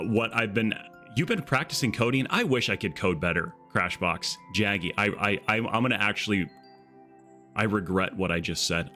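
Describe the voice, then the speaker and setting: A man's voice: low voice, creaky, sharp tone. A man from Arizona chatting casually on a live game stream, rambling and tagging his sentences with "okay?".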